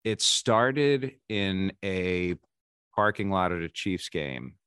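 Man, forties, low voice, dry close sound, candid, self-deprecating, restarts sentences, podcast guest. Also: animated, takes it slowly, fairly bright tone, smooth, dry recording. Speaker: podcast guest, baseball insider. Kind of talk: casual interview storytelling.

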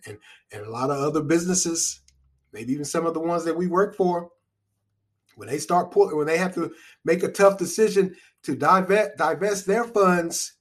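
A man's voice: on the high side, husky. A man giving solo spoken commentary in a conversational, rambling way, with restarts and wry chuckles.

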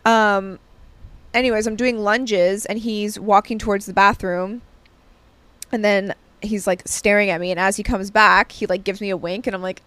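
A woman's voice: mid-range voice, fairly even intonation, normal speed, fairly bright tone, clear, resonant tone, no echo. A young woman co-hosting a podcast, telling a story in casual chat, full of "like" and acted-out quotes. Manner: chatty storyteller, lots of "like", acts out quotes. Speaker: podcast co-host.

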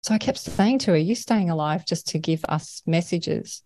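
A woman's voice: fairly low pitch, lively intonation, moderate pace, warm tone. An Australian woman, a guest in an interview, talking earnestly and at length about her experiences, often laughing between thoughts. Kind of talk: conversational interview.

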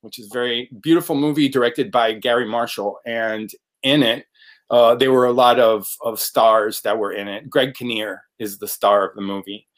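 A man who works as an actor, chatting casually in an interview, rambling with lots of fillers and restarts. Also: mid-range voice. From United States. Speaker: actor guest.

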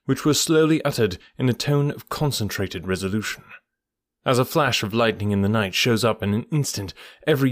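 A man narrating a classic story as an audiobook in a steady, even storytelling manner. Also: mid-range voice, dry recording, studio quality.

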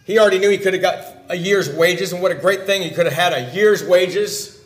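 A man delivers a sermon in a high voice, pressing his listeners with direct questions. He swings between loud emphasis and hushed, quiet lines. The room around him is echoey. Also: brisk. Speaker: preacher.

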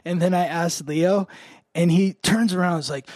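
A man's voice: high voice, steady tone, normal speed, a little mellow, no echo. Chatty man telling a rambling story. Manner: rambling, many "like" fillers, laughs often. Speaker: astrology podcast host. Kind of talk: casual storytelling chat.

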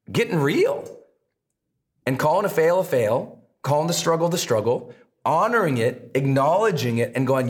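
A man speaking as a high performance coach in motivational podcast talk, emphatic and challenging, acting out his own inner voice. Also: big pitch swings, brisk.

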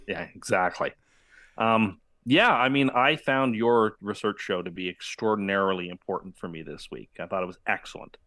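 A man's voice: on the low side, normal speed, bright, forceful tone, no echo. A man guesting on a podcast, joking with self-mocking bravado. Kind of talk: casual chat.

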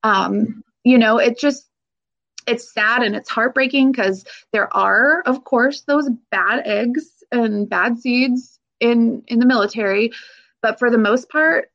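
A woman who served in the military, talking haltingly and emotionally in an interview, with many fillers and nervous laughs. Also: medium pitch, a bit bright, dull audio. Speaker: military veteran guest.

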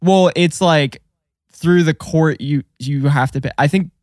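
Young man, casual podcast storytelling, profane, animated, slightly high voice, dry sound. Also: unhurried, no room sound.

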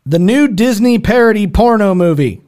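Male podcast host with a high voice, loose and jokey, reads out questions between laughs. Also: expressive, moderate pace, darkish tone. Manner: reads out prompts, laughs often. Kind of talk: casual comedy podcast banter.

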